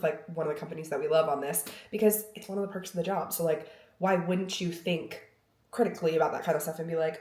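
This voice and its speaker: A woman's voice: fairly low pitch, fairly even intonation, fairly quick, darkish tone, slight background noise. A young woman chatting to camera in a rambling, self-mocking vlog at home, acting out little bits of dialogue. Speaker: lifestyle vlogger. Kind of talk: rambling casual chat to camera. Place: room of a house. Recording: roomy echo.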